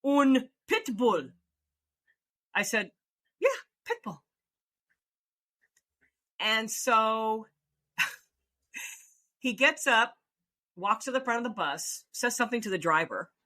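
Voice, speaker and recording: A woman casually telling a funny personal story, animated and laughing often as she acts out her own reactions. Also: medium pitch. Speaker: storyteller host.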